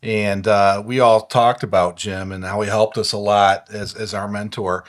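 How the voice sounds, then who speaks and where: A man hosting a business podcast, telling stories in a relaxed way with plenty of fillers. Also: lowish voice, normal speed. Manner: relaxed storytelling, many fillers. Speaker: podcast host. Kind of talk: casual podcast conversation.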